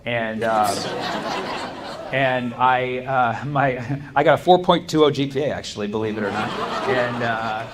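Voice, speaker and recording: A man's voice: mid-range voice, a little slow, background noise. A man performing a stand-up comedy set, telling stories animatedly and laughing often. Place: comedy club stage.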